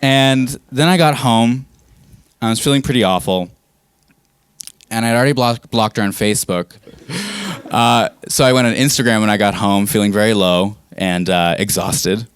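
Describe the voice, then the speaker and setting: A man in his twenties telling a story on a comedy stage, casual and profane with a deadpan edge. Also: on the low side, normal speed, clear, resonant tone, no echo. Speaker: stand-up comedian.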